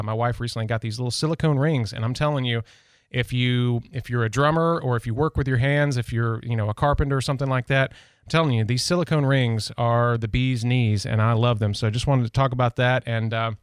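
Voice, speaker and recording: A man's voice: mid-range voice, smooth, no room sound. A man hosting a local radio talk show in a studio, chatting casually and rambling through personal stories. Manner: chatty, rambling, self-deprecating. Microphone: studio microphone.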